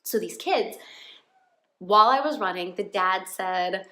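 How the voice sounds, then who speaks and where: A woman's voice: mid-range voice, expressive, moderate pace, fairly bright tone, echoey room. A woman talking in a casual personal vlog from her home, earnest and heartfelt. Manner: earnest, heartfelt, openly emotional. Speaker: faith vlogger.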